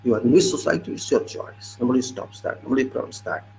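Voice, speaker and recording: A man's voice: medium pitch, lively intonation, fast, creaky, darkish tone, slight background noise, rough recording. A man with an Indian English accent giving an emphatic, lecturing political commentary monologue and repeating his points.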